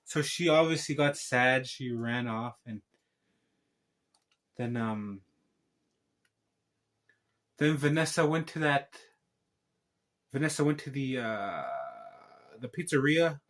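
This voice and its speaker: A man's voice: mid-range voice, takes it slowly, pauses often, fairly bright tone. A man giving a casual spoken film recap as a reviewer, rambling through a tangled retelling full of restarts.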